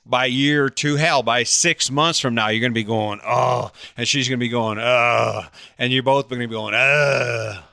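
Older male vlogger: bright, crisp voice, dry close sound, teasing and sarcastic, rambles. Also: mid-range voice, steady tone, fairly quick, few pauses, no room sound. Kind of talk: casual monologue to camera.

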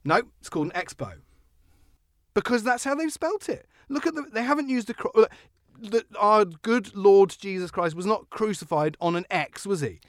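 A man hosting a car podcast, joking and animated as he talks. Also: high-pitched, no echo, clean studio sound. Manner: animated, joking, quick-talking. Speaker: podcast host. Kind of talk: casual car podcast chat.

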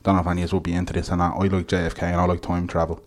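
Give me a joking Irish man hosting a live podcast from a hotel, voice on the low side. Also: flat delivery, rapid-fire. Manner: joking, laughs often. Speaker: podcast host. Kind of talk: casual chat.

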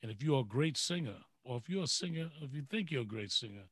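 A man's voice: mid-range voice, expressive, fast talker, a bit bright, husky, no room sound. A man hosting a casual talk show, upbeat and encouraging as he asks his guests questions. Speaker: show host. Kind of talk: casual radio show chat.

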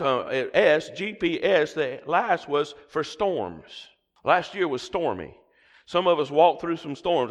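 Southern preacher in a reverberant church. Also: male voice, on the high side, fairly bright tone. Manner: call-and-response preaching, prompting the congregation. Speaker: pastor. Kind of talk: sermon. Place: church sanctuary. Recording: long hall reverb.

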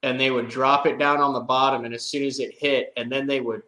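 A man's voice: mid-range voice, level tone, brisk, sharp tone. Rambling storyteller man in a roomy space. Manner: rambling, many "like" fillers, laughs while telling. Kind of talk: casual chat, storytelling. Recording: roomy echo.

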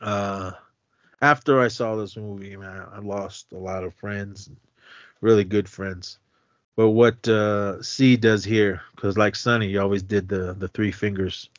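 Lower-voiced man casually recapping a film. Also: fairly even intonation, measured pace, no room sound, lo-fi sound. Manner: rambling retelling, acting out lines with "he goes". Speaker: podcast co-host.

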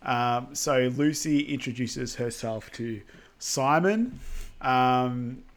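A man's voice: mid-range voice, slow. A man co-hosting a podcast, casually recapping a film with many ums and quoted lines. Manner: rambling, lots of ums and likes, quotes characters. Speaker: podcast co-host.

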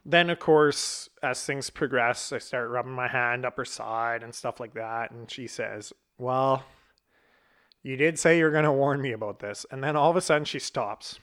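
A man in his thirties tells a story from his own life in a loose, conversational way. He is blunt and profane and laughs at his own mishaps. His voice sits at an ordinary middle pitch for a man. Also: normal speed, a bit bright. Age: 30s. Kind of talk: casual storytelling.

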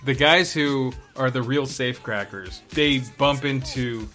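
A man in casual podcast chat, explaining in a loose way full of fillers. His voice is bright and forward, with faint music under it. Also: mid-range voice, unhurried. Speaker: podcast co-host.

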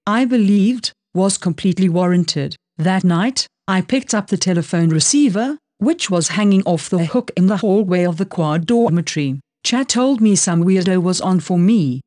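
Female audiobook narrator, lowish pitch, even delivery, dry close recording. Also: normal speed, few pauses, no echo. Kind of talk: first-person audiobook narration.

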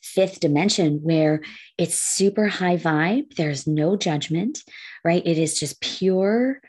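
A woman's voice: lowish voice, slow, darkish tone, husky. A woman co-hosting a podcast in casual chat, giggly and talkative, a little congested. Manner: giggly, chatty, swears casually. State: congested, blowing her nose. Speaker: podcast co-host.

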